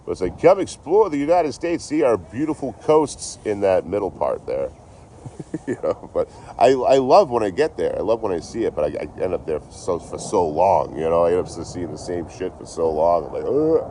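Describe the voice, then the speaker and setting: Low, laid-back, profane livestreaming man. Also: lively intonation, fairly quick, dark tone, a little hiss or hum. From Boston area, US. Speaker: traveling livestreamer. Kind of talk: casual livestream chat. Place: outdoors behind a store. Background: faint passing vehicles.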